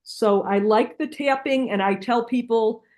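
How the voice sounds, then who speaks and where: A woman's voice: a little high, a little slow. A middle-aged woman, a guest practitioner from a healing center, explaining techniques and telling stories in an earnest, conversational interview, often restarting her sentences. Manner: earnest, with frequent restarts and lively retold dialogue.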